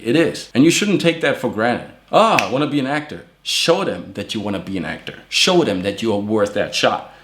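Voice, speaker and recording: A man with a mid-range voice delivers an energetic motivational talk as an acting coach, repeating phrases to drive his points home. He grew up in Germany. The sound carries a roomy echo. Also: medium pitch.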